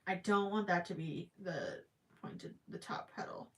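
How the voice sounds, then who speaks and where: Fairly low in pitch, steady in tone and measured in pace, a woman hosts a crochet live stream. She chats casually, thinks out loud with stammering restarts, and her voice cracks from hours of talking.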